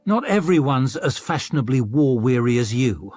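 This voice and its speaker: A man's voice: medium pitch, very animated, normal speed, a little mellow, no room sound, soft background music. Man voicing an eager, impatient young noble. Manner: restless, scornful.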